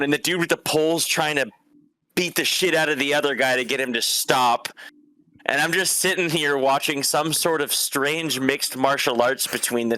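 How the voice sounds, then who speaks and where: A young man telling stories in casual talk, animated and swearing, who laughs often and acts out the voices of the people in them. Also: mid-range voice, clear, resonant tone, no room sound. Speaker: guest. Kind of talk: casual storytelling.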